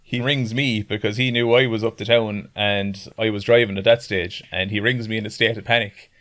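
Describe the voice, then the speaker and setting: A man's voice: fairly low pitch, fairly even intonation, moderate pace, fairly bright tone. Rambling Irish man telling a story. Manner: rambling, swears often, laughs through his story. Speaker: podcast guest. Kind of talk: casual storytelling chat.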